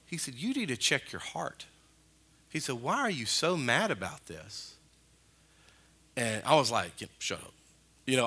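Pastor, male, animated sermon delivery, ringing bright tone, mid-pitched. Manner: animated, jumps in pitch and loudness, colloquial asides. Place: church sanctuary.

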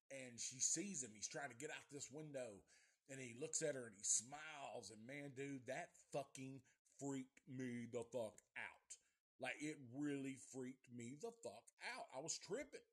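A man's voice: mid-range voice, breathy edge. A middle-aged man from the Nashville area, recapping a movie plot in a profane, rambling live review. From Nashville area, USA.

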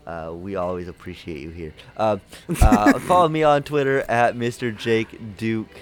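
A man's voice: on the low side, animated, moderate pace, a little hiss or hum. A young man hosting a podcast in casual chat, rambling with lots of fillers and jokes. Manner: rambling, filler-heavy, jokey. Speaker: podcast host.

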